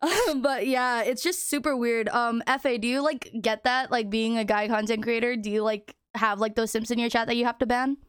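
A woman's voice: fairly high pitch, steady tone, moderate pace, few pauses, clean tone, no echo, clean studio sound. A young woman streamer hosting a casual chat, rambling with lots of fillers. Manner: rambling, many fillers, laughs often. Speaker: streamer and host.

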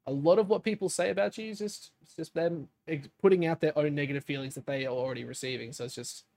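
A young man co-hosting a podcast, telling stories in a lively way, acting out quotes and swearing casually. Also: on the high side, fast, creaky. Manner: animated storytelling, acts out quotes. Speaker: podcast co-host, streamer.

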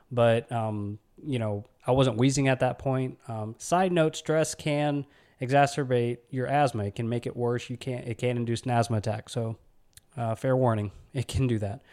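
A young man from Alabama hosting a podcast, telling a personal story in a relaxed, rambling way with many fillers and restarts. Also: medium pitch. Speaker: podcast host.

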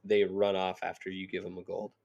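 A man's voice: low-pitched, completely flat delivery, brisk, creaky, darkish tone, muffled recording. A man narrating a tabletop game as game master, loose and hesitant, with lots of filler words.

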